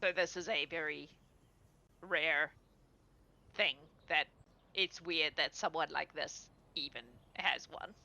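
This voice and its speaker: Bright-voiced woman running a tabletop game. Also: sits low, creaky, low-quality recording. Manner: casual, laughing, quick asides. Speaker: game master.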